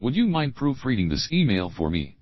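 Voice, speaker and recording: This man's medium-pitched voice swings widely in pitch as he reads example questions for English learners one after another. As a teacher running a slow, clear drill, he repeats each opening phrase before giving the full question. The recording is dry, with the highs cut off.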